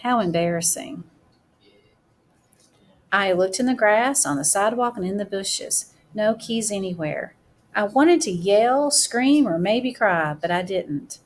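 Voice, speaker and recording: A woman teacher giving a recorded writing mini-lesson, explaining step by step and slowing down to dictate as she writes. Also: mid-range voice, animated, a little hiss or hum. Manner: slow, deliberate dictation while writing.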